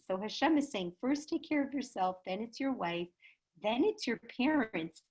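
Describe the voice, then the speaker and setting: A woman teaching an online Torah class over a video call, telling stories in an animated, chatty way and asking rhetorical questions. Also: medium pitch, rough recording.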